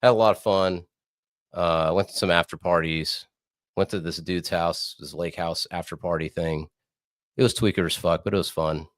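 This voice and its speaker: A young man co-hosting a casual talk show over a video call, rambling and swearing, his voice hoarse from screaming. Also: deep voice, fairly even intonation, normal speed, no echo. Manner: rambling, profane, laid-back. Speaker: co-host. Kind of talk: casual podcast chat. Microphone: remote video call.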